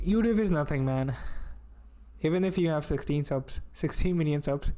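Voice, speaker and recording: A man's voice: a little high, normal speed, warm tone. A man with an Indian accent chatting casually on a live coding stream, muttering to himself and reading tutorial text aloud.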